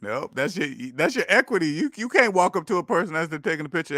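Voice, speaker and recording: A man in his thirties talks casually as the host, his voice a little high. He is animated, laughs often and slips into mock voices between rhetorical questions. The sound is dry and close. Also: quick pace, hardly any pauses, dry recording. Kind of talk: casual monologue.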